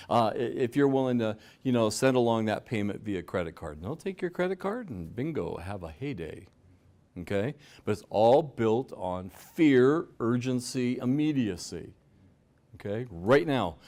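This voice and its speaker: Lively man giving a fraud-warning talk. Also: mid-range voice, measured pace. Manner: lively, conversational, acts out scammers' lines. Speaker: fraud prevention speaker. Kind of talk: presentation to an audience.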